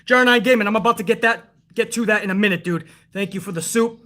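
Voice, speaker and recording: A man's voice: high voice, fast talker, pushed and bright. A man hosting a wrestling review livestream, ranting with lots of profanity and reading out chat messages. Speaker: host of a wrestling review stream. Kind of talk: casual livestream commentary.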